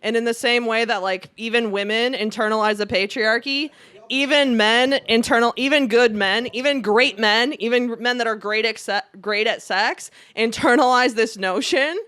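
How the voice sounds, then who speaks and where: A woman's voice: fairly high pitch, normal speed, clean tone. Laughing, blunt woman podcaster. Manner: animated, laughing often, blunt and profane. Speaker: podcast co-host. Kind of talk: casual chat.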